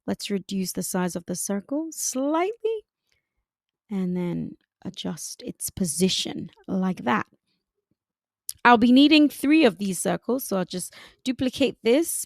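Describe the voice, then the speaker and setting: A woman narrating a screen-recorded design tutorial, giving unhurried step-by-step instructions. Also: medium pitch, gravelly, no echo, clean studio sound.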